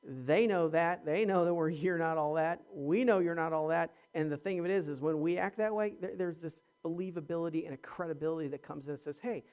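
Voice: mid-range voice, fairly quick, hardly any pauses. A pastor preaching a sermon, emphatic, repeating words and restarting phrases, and asking the congregation rhetorical questions. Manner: swings from quiet asides to near-shouting.

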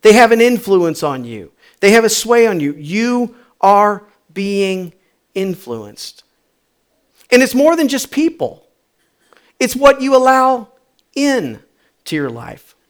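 A man preaching a sermon, telling funny stories from his school days and then pressing his point with animated, rising emphasis. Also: sits high, slow pace, pauses often. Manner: animated storytelling with humor. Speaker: pastor.

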